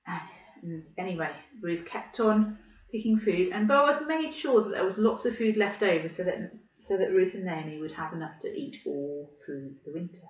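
A woman leading a children's church video for toddlers. She tells a story and runs games in a slow, exaggerated, coaxing presenter manner, recorded at home. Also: lowish voice, lively intonation. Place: living room at home. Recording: roomy, distant, slightly dull home recording.

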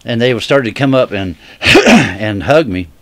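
A man giving an emotional personal religious testimony straight to viewers. He speaks earnestly and haltingly, often restarting his sentences. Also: mid-range voice, lively intonation, slight background noise. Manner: earnest direct appeal to viewers. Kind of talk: heartfelt personal testimony to camera.

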